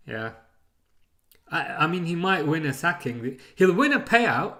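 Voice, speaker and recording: Bright-voiced chatty streaming man. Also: fairly high pitch, unhurried. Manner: rambling, chuckling, reads out chat messages. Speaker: streamer hosting a football watchalong. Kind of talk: casual live chat.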